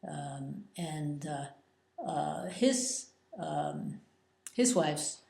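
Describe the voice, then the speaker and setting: A woman teaching Chinese vocabulary in a slow, hesitant manner, pausing often with drawn-out fillers. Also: low voice, animated, creaky, mellow. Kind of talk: slow explanatory lesson. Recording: echoey room.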